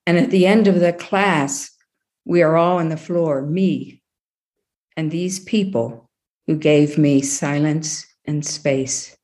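A woman's voice: sits low, takes it slowly, a little mellow. A middle-aged woman telling a personal story in a plainspoken, reflective way, with dry asides. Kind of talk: personal story told to an audience.

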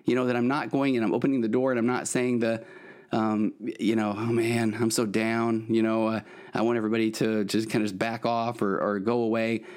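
A man's voice: lowish voice, little pitch movement, a little fast, darkish tone, smooth. A middle-aged man, a therapist hosting his podcast, giving earnest advice in a rambling way with many restarts. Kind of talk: solo podcast monologue, advice.

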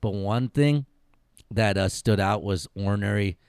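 A man hosting a casual sports podcast, animated and profane, laughing as he tells stories. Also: on the low side, unhurried, clean tone, no echo, clean studio sound. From United States. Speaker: podcast host.

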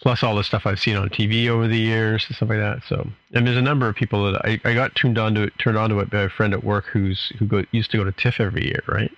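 A man's voice: lowish voice, flat delivery, fast talker, few pauses, fairly bright tone. A Canadian man co-hosting a podcast in casual chat, rambling and thinking aloud as he looks things up. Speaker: podcast co-host. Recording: dull, lo-fi mic.

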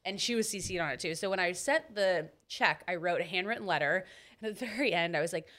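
A woman's voice: lowish voice, fast talker, fairly bright tone. Woman venting bluntly in casual chat. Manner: frank, venting, blunt swearing.

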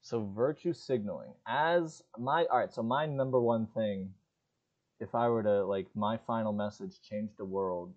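A young man co-hosting a podcast, telling animated stories in casual chat and acting out his friends' lines. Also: lowish voice, unhurried, muffled recording. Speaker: podcast co-host.

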